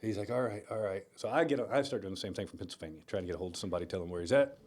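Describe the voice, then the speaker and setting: A man co-hosting a podcast, relaxed, dropping his voice low for the serious parts of a story. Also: very fast. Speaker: podcast co-host. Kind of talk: casual chat, storytelling.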